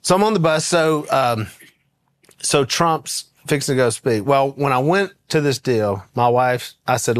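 A man's voice: mid-range voice, unhurried, dry recording. Folksy man telling stories. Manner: animated, laughing, folksy storyteller. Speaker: guest. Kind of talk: casual storytelling anecdote.

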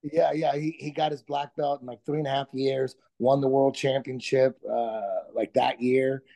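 Here the guest, a middle-aged comedian who also teaches jiu-jitsu, has a mid-range, gravelly, warm voice with level intonation and a moderate pace. He talks casually in the interview, easygoing, with many restarts and ready laughter.

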